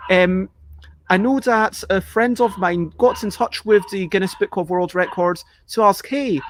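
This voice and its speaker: A man hosting a casual live stream, answering viewer questions in a rambling, chatty way and sometimes acting out panicked reactions. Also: high-pitched. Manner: chatty, self-interrupting, acts out panicked reactions.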